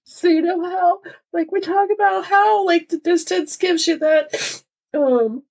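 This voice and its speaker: A woman's voice: extremely high pitch, measured pace, vocal fry, darkish tone. A young adult woman co-hosting a fan podcast, crying and gushing with laughter through her tears. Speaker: podcast co-host. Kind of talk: excited fan podcast chat.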